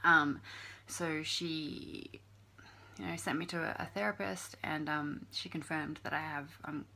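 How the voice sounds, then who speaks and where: An actress playing a young YouTuber with depression, who talks in a halting, filler-heavy way and swears often. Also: female voice, sits low, steady tone, gravelly, pushed and bright, heavily acted. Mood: subdued. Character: young woman YouTuber, depressed, bullied by trolls. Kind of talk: confessional vlog monologue in a short film.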